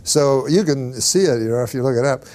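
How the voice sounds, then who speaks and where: A man, a comedian, telling rambling deadpan stories as a talk-show guest. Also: medium pitch, a little fast. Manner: deadpan, rambling, with many fillers.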